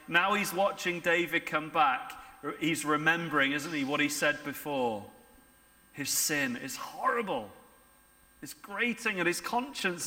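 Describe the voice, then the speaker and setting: A man's voice: fairly high pitch, sharp tone. A man preaching a sermon in a conversational way, often asking the congregation rhetorical questions. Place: church. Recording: church hall reverb.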